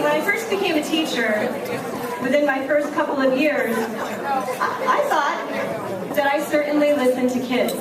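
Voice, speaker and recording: A woman, giving a keynote speech and telling a lively story, acting out the voices of the children and of herself. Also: high-pitched. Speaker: keynote speaker and teacher. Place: banquet hall. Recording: echoey hall recorded from far off, dinner noise. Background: clinking cutlery and dishes.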